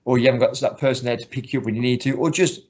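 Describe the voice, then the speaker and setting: A man's voice: mid-range voice, rapid-fire, darkish tone. A man who coaches martial arts, talking earnestly in a casual interview and often restarting his sentences. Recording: slightly muffled lo-fi recording.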